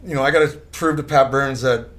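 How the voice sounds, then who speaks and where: Bright-voiced middle-aged man, chatty. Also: mid-range voice, fairly even intonation, fast talker. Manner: chatty, laughs a lot, quotes people. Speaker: guest, former hockey player. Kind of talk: casual storytelling chat.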